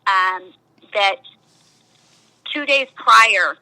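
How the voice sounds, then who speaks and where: Middle-aged woman, really bright voice, earnest and emphatic, tells her story in an interview. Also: medium pitch, drawn-out words, rough recording. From United States. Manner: earnest, emphatic, repeats words. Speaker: nonprofit founder, interview guest. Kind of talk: conversational testimony.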